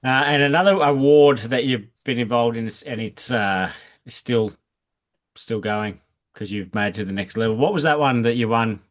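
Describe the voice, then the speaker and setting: A man with a mid-range voice hosts a relaxed interview. He asks his questions slowly and hesitantly, leaning on fillers while he searches for the right phrasing. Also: medium pitch. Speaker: podcast host. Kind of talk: casual interview chat.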